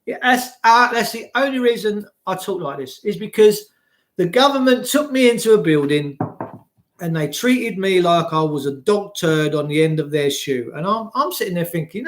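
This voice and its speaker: A man's voice: high-pitched, expressive, normal speed. A man delivering an impassioned, ranting monologue, full of swearing and rhetorical questions.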